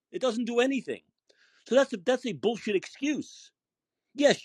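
An angry podcast host rants through a call-in show, swearing heavily and hammering his points home. His voice is extremely high, a little mellow and husky. The recording has no room sound.

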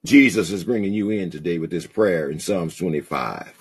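A man preaching a sermon, reading scripture slowly and then exhorting his listeners with growing intensity. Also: low-pitched, slightly rough. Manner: slow, reads scripture aloud then preaches with rising intensity. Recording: call-in podcast audio.

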